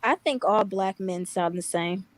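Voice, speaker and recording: A woman guest in a casual group chat, snarky and mocking, with drawn-out asides. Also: medium pitch.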